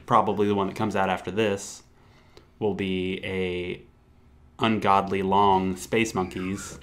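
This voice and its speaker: A man co-hosting a comics podcast in casual chat, relaxed and joking, stumbling through filler restarts. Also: low voice, measured pace. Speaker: podcast co-host.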